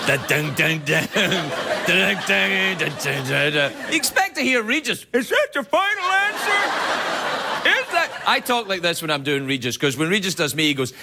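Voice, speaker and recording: A man hosting a late-night talk show, delivering a jokey comic monologue with self-mocking asides in a TV studio. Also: high-pitched. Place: TV studio with live audience. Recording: loud studio audience laughter and noise.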